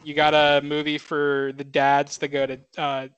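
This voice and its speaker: A young man chatting on a movie podcast, his voice sitting a bit higher than most men's. He rambles through stories with plenty of fillers and the odd swear. The close mic sounds dry with no room around it. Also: completely flat delivery, moderate pace, fairly bright tone, smooth, no echo, muffled recording. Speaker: podcast co-host. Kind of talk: casual movie podcast chat.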